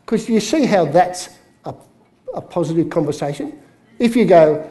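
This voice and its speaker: A man's voice: a little high, animated, moderate pace, mellow. A man presenting a live workshop as a business coach, chatty and story-led. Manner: chatty, story-telling, with jokes.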